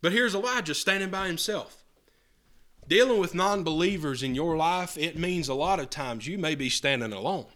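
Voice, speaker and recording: Male preacher, somewhat high voice, bright and forceful, earnest sermon with scripture reading. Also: lively intonation, normal speed. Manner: earnest, repeats and restarts words, reads verses aloud.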